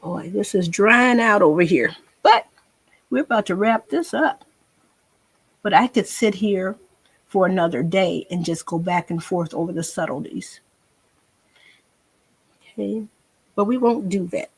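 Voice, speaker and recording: Woman art teacher, slow, husky, chatty while she paints, dry close sound. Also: mid-range voice, no room sound. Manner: chatty, talks to herself while painting, folksy. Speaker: painting instructor. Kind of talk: casual painting tutorial.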